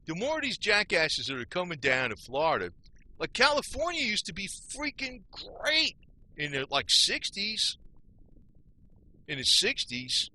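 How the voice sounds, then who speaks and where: Speaking a little slowly in a high, sing-song, sharp voice, a YouTube creator launches into an angry monologue on his own channel. He's blunt and repetitive, using casual slang with lots of "man" and "you know."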